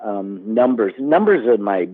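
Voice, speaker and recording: A man in his seventies, a guest actor, telling stories in an animated, casual interview chat. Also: on the low side, unhurried. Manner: animated storyteller. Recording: tinny phone-like line.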